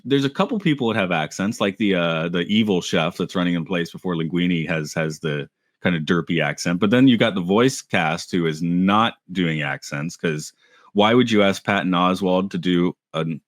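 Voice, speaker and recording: A man's voice: sits low, dry recording. A man co-hosting a podcast in casual chat, rambling, correcting himself and laughing easily. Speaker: podcast co-host.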